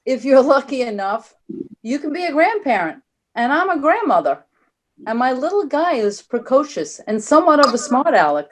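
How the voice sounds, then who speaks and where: A woman's voice: sits high, moderate pace. Wry older woman doing stand-up. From New York. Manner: dry, wry deadpan delivery of one-liners. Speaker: stand-up comic. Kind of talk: stand-up set over video call.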